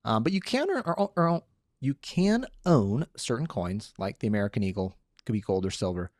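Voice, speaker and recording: A man's voice: fairly low pitch, animated, normal speed, a little mellow, dry recording, studio quality. A man hosting a casual podcast, answering listener questions in an upbeat, joking way. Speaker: podcast host and lawyer.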